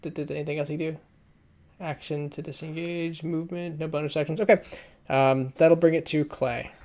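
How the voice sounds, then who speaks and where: A man's voice: fairly high pitch, little pitch movement, a little mellow. A man running a tabletop game as game master over voice chat, narrating the action and making rulings with stops and restarts. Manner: halting, restarts while counting and ruling.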